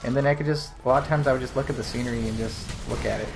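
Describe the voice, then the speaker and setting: Young man, podcast host, casual chat, candid, rambling, mid-pitched voice, faint background hiss. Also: fairly even intonation, racing, vocal fry. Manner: candid, rambling storyteller with frequent fillers.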